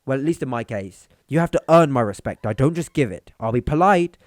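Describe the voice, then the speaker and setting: A man's voice: medium pitch, lively intonation, brisk, no room sound. A young man hosting a commentary video, talking bluntly and mockingly in a rant. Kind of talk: reaction commentary.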